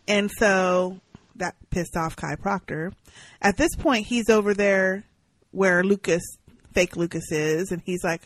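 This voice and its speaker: Woman, podcast co-host, casual recap, animated, acts out lines, dry close sound, mid pitch. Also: a little slow, no echo, poor audio.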